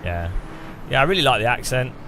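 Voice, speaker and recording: An English man talks casually while he plays a racing game, wandering from thought to thought and often restarting mid-sentence. His voice sits at an ordinary middle pitch. A faint car engine hums underneath. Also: big pitch swings, fairly quick, background noise. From England. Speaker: gaming streamer. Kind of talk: casual chat over racing gameplay.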